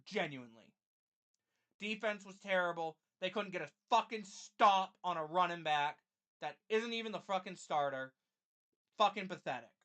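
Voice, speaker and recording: A woman's voice: lowish voice, moderate pace, fairly bright tone. A woman streaming a live fan reaction, calling plays and then ranting angrily with heavy swearing. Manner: play-by-play calling of the game.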